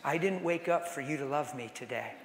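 A middle-aged man gives a storytelling sermon at a conference, talking like a friend and swinging between hushed moments and loud bursts. His voice sits a little high for a man. The sound rings around a large hall with a long, roomy reverb. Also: a little fast. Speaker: conference speaker.

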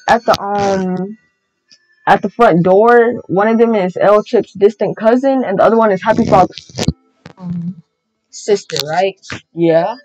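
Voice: medium pitch, a little mellow, natural voice. A performer voicing a helpful male rabbit animatronic who talks in a hesitant, casual way in a fan-made game roleplay. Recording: slightly muffled with faint music.

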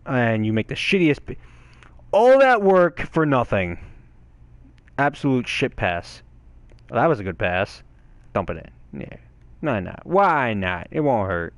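A young man giving excitable gameplay commentary, swearing and yelling at the game. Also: medium pitch, measured pace, pauses often, no echo. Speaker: gaming channel host.

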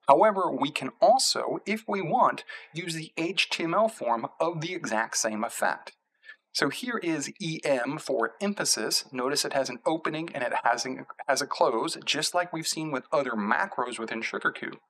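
A man's voice: fairly high pitch, expressive, moderate pace, fairly bright tone, rough recording. A middle-aged man teaching a screencast tutorial, walking through code in a methodical way and repeating terms as he points to them. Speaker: instructor.

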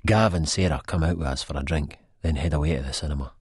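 A man's voice: extremely low pitch, fast talker, darkish tone, husky, dry recording, studio quality. A man with a Scottish accent reading a first-person audiobook in a blunt, sweary, broad dialect. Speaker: audiobook narrator.

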